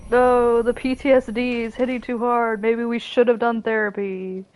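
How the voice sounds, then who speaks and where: A woman's voice: fairly high pitch, level tone, moderate pace, a little mellow, rough recording. Giggly, swearing woman streaming a game. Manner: giggly, swears freely, jokey asides. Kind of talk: casual gaming commentary. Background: game soundtrack music.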